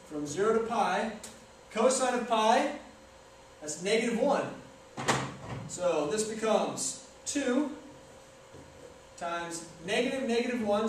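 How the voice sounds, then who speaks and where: A young man chatting casually in a joking, self-deprecating way as he films himself. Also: high voice. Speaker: video maker. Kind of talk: casual self-filmed tutorial talk. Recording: echoey room from far off, faint noise.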